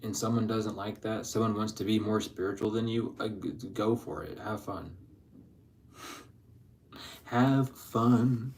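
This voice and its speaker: A man giving a casual spiritual tarot reading, slangy and profane, laughing often and swinging between excited bursts and low mutters. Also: fairly quick, hardly any pauses. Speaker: tarot reader.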